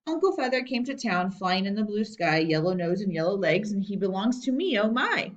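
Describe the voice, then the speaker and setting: Storybook kid: woman voicing a high, chirpy, pushy little boy; lo-fi, far from the mic. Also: sing-song, a little fast. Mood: singsong. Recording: dull distant lo-fi recording.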